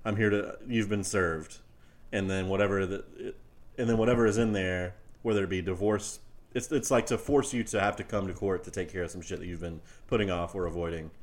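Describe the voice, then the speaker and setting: A man's voice: low-pitched, quick pace. A man co-hosting a casual podcast, meandering and thinking aloud as he talks. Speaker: podcast co-host. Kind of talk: casual chat.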